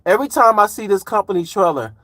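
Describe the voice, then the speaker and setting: High-voiced man rambling on a live stream. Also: animated, fast talker, a bit bright, dry recording. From Chicago. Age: 40s. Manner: loose, slangy, rambling with lots of fillers. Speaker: livestreamer and truck driver. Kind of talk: casual live-stream chat reading comments.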